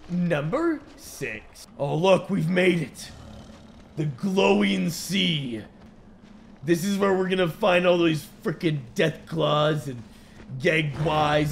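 A man giving jokey, excitable commentary while playing a video game, yelping and shouting when he panics. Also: sits high, slight background noise. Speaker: gaming YouTuber. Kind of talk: gameplay commentary. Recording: game music behind voice.

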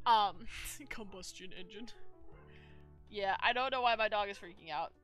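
A woman's voice: medium pitch, slow pace, pauses often, faint music behind. A woman streamer chatting casually and telling a rambling story, with plenty of fillers and restarts. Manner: animated, rambling, lots of fillers and self-corrections.

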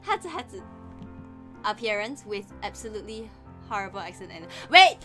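Woman, Singaporean English accent, streamer, lively, bright tone. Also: medium pitch, moderate pace, soft background music. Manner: indignant, animated, laughing. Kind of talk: casual stream chat.

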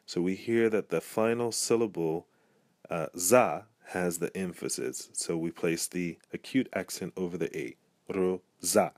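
Male tutor for an alphabet lesson: low-pitched, unhurried, repeats every example, dry recording. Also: dry recording. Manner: slow, careful, repeats each word twice. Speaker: language teacher.

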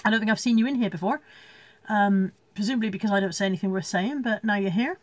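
A woman's voice: medium pitch, fast talker, no room sound. A woman chatting casually from home on a live stream, rambling, laughing often and reading out viewer comments. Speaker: reseller hosting a live stream.

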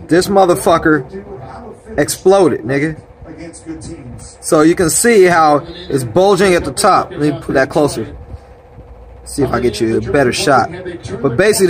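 A man's voice: a little high, animated, measured pace, long pauses. Angry, foul-mouthed man repairing electronics. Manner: angry, swearing constantly, rambling. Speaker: vlogger repairing a console power supply. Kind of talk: profane casual repair vlog.

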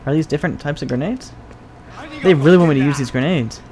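A young man commentating his own gameplay, excitable, joking and swearing as he plays. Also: on the high side, fast, crowd noise. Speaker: let's play gamer. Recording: game music behind the voice. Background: game music.

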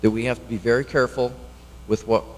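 A man's voice: medium pitch, steady tone, darkish tone, a little hiss or hum. Earnest man speaking at a town hearing. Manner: earnest, halting, with restarts. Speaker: elected official speaking at public hearing. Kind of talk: public comment. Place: town meeting hall. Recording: long reverb in a meeting hall.

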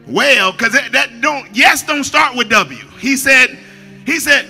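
A man preaching a sermon as a pastor, shouting at the peaks, dropping to quiet asides, and repeating his phrases. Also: very high voice, expressive, slow pace, creaky, husky, soft background music.

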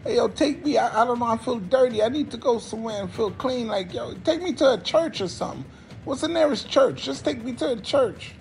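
A man playing a panicked young male rapper fleeing a party, talking in a frantic, high-strung ramble. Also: animated, brisk, vocal fry, darkish tone, slight background noise, exaggerated voice. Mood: shaken. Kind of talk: comedy skit impression.

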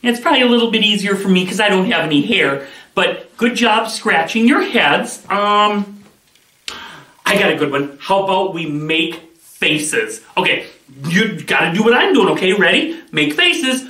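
Animated man teaching kids, echoey and distant. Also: high-pitched, moderate pace. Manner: animated, upbeat, leads games and calls out commands to children. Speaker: children's ministry teacher. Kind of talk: playful kids' Bible lesson.

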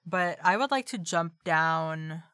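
Woman player, slow hesitant talk, dry close sound. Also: on the low side, expressive, fairly bright tone, clean tone, no echo. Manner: hesitant, many ums. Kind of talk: casual play talk.

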